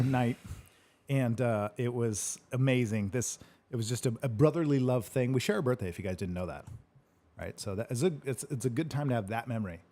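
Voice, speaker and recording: A man's voice: mid-range voice, darkish tone. A man hosting a casual question-and-answer chat, rambling through a story, laughing often and swearing casually. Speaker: host answering live questions.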